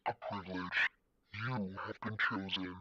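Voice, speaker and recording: Masked game villain, modulated hissing growl, scratchy, cold and deliberate, bright edge, low voice. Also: male voice, steady tone, no room sound, highs cut off, exaggerated voice. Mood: ominous. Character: menacing masked male abductor, cold.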